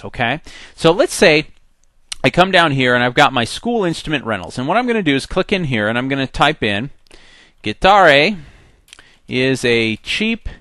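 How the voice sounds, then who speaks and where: A man teaching a software tutorial in a conversational, step-by-step way. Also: medium pitch, no room sound. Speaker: software instructor. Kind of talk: screen-recorded tutorial.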